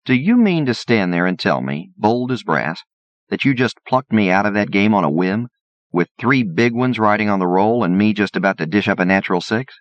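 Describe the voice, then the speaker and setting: A man voicing a brash, quick-tongued male bartender and gambler who talks back, in a cocky, argumentative way, on a dull, lo-fi audiobook recording. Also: lowish voice, animated, no room sound, voice pushed up, lightly acted.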